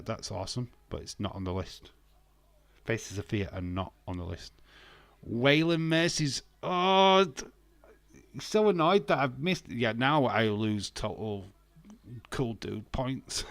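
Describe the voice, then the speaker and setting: Man, mid-pitch, self-mocking live-stream host, dry close mic. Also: gravelly, no room sound. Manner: chatty and self-mocking, laughs often. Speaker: streamer hosting a wrestling watch-along. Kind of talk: casual live-stream chat with viewers.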